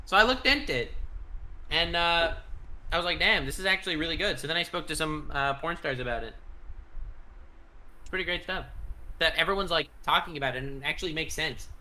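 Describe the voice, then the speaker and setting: Playful man with a very bright voice. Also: on the high side, fairly quick, long pauses, rough recording. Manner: joking, playful. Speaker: podcast host. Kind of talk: casual chat.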